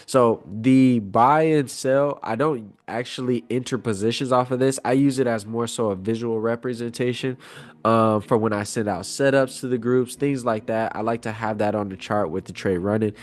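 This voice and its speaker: A man hosting a casual screen-share tutorial, talking in a relaxed, rambling way with many fillers. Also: mid-range voice, normal speed. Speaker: trading tutorial host. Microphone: wireless clip-on mic.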